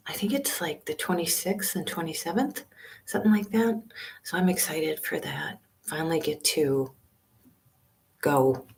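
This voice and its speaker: A woman in her fifties chatting casually with viewers on a live stream, speaking in a hushed, half-whispered voice with many fillers, from a small library study room on a laptop microphone. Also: deep voice. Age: 50s. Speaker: van-life vlogger hosting a live stream. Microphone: laptop webcam and built-in mic.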